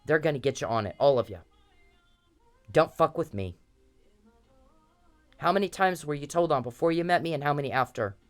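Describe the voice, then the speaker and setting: A woman's voice: low voice, animated, normal speed, pauses often, soft background music. An angry woman speaking straight into the camera, confronting someone she wants out of her life. Her talk is blunt and profane, and she drives her points home by repeating phrases again and again. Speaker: vlogger. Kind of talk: angry direct-to-camera rant.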